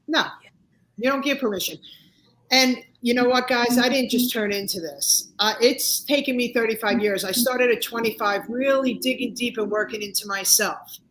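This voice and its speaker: An animated woman in her sixties, guesting on a talk show. She tells personal stories and gives motivational advice, her voice sitting a little high for a woman. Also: poor audio. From United States. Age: 60s. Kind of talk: casual interview chat.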